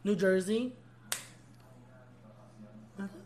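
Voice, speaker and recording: A man's voice: high voice, very slow, a little mellow. A young man co-hosting a casual podcast chat, blunt and complaining in a playful way, swearing freely. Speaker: podcast co-host.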